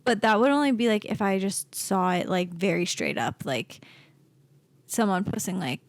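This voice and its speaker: A woman's voice: mid-range voice, lively intonation, normal speed, no echo. A young woman co-hosting a podcast, chatting casually with lots of filler words. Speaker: podcast co-host. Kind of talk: casual chat.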